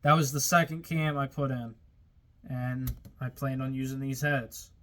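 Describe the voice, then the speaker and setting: A man with a steady, unhurried, mid-range voice that's a bit bright hosts his own car-building videos. His workshop talk to viewers is casual and plain-spoken, getting a little worked up at times.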